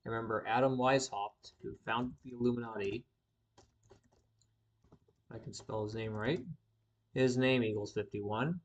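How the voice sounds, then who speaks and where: A man's voice: mid-range voice, steady tone, unhurried, long pauses. A young man hosting a live stream in a casual, rambling way, with a slight lisp, correcting himself as he goes. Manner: rambling, self-correcting, thinks aloud while reading from screen. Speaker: sports commentator host.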